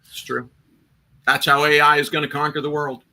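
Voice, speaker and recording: A man's voice: a little high, little pitch movement, moderate pace, bright, forceful tone, a little hiss or hum. A man hosting a livestream panel, telling a long rambling story with restarts, acted quotes and laughter. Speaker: livestream host. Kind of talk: casual panel chat, long rambling anecdote.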